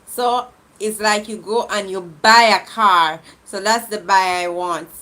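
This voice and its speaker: Woman w running a live game stream, bright voice, laughs a lot, warm with her chat. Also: mid-range voice. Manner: lively and affectionate, laughs often, shifts quickly between loud and soft. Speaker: livestream game host. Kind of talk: casual livestream chat, reading out viewer comments.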